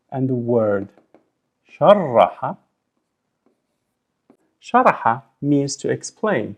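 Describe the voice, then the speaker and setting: A man teaching a recorded language lesson, sounding out syllables slowly and deliberately. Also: mid-range voice. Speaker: Arabic teacher.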